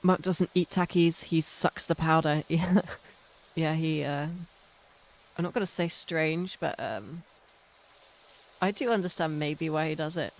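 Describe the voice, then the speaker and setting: A woman's voice: sits low, measured pace, long pauses. A British woman streaming a game, chatting casually in rambling, self-mocking tangents. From United Kingdom. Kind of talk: casual chat while playing a game.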